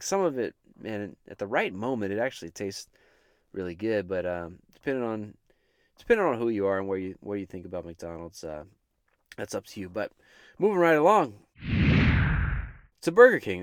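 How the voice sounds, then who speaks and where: A man's voice: mid-range voice, no room sound, studio quality. A man hosting a casual chat, rambling and joking with many restarts. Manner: rambling, self-interrupting, jokey. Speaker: host.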